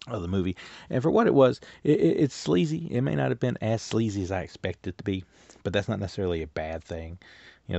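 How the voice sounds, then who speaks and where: A very low, gravelly male voice talks through a movie review in a loose, rambling way, full of filler words. The recording is dull and lo-fi, with a dry, close sound. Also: darkish tone, dry recording. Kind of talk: casual spoken movie review.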